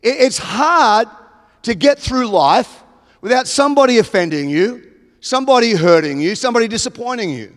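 A man with an Australian accent preaching a sermon, emphatic and building to loud exclamations. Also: very high voice, animated, normal speed. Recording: long hall reverb.

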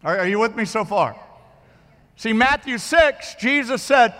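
A man's voice: very high-pitched, expressive, unhurried, bright, forceful tone, long reverb tail. A man preaching a sermon in a conversational way, repeating words and often checking that his listeners are following. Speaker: pastor.

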